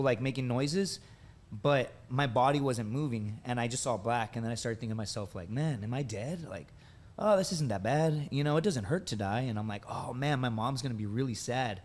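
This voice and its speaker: A man's voice: mid-range voice, fairly quick. Man in his thirties telling stories. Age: 30s. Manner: animated, says "dude" and "right?" often. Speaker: podcast guest. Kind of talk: casual storytelling.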